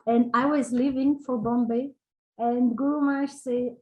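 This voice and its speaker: Woman with a fairly high voice reminiscing. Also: fairly even intonation, moderate pace, warm tone, poor audio. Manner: tells anecdotes with tag questions and frequent restarts. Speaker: interview guest. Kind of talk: personal storytelling in conversation.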